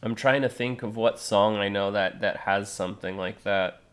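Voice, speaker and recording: This man's voice sits on the low side, steady, clean, and fairly bright, at a moderate pace. In his thirties and chatting casually on a live stream, he meanders through fillers and restarts, sometimes launching into harsh vocal demonstrations.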